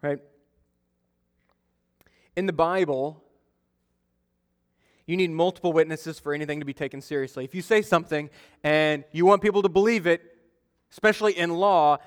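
Young adult male pastor, conversational sermon, smooth voice, long church-hall reverb. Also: on the high side. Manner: conversational, storytelling with acted-out quotes. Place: church sanctuary.

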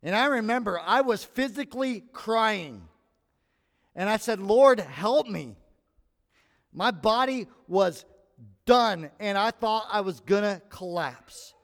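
Male pastor, lively sermon delivery, slightly raised pitch, long reverb of a large hall. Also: unhurried, gravelly. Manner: animated preaching, acts out quoted voices.

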